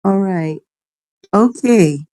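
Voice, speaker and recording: Slow-speaking woman running mic checks. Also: medium pitch, animated, mellow, rough recording. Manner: unhurried, runs mic tests. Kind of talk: meeting audio check.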